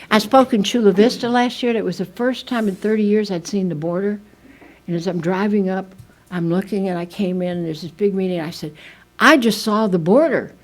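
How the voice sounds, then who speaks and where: Older woman, speaker at a recovery meeting: lowish voice, rambling, self-deprecating storyteller. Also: low-quality recording. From United States. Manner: chatty, self-mocking storyteller with many restarts. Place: meeting room.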